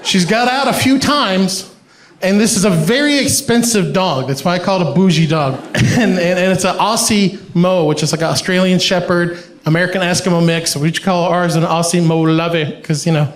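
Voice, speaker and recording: A man from Iran performing a stand-up comedy set, telling animated stories and laughing through his own punchlines. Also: sits high, normal speed, slight background noise. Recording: echoey live comedy venue.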